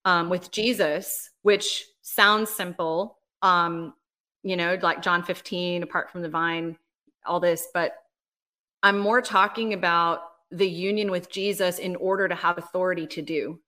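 A woman, a ministry leader, talking casually as a podcast guest, telling a personal faith story in an animated way with lots of "like" and "right?". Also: fairly low pitch, measured pace. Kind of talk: casual interview, personal testimony.

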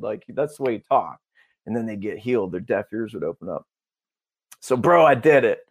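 A man as a podcast guest, telling a story in a casual, animated way and acting out the dialogue. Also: fairly low pitch, normal speed. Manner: animated, acts out dialogue, peppers talk with "bro" and "dude".

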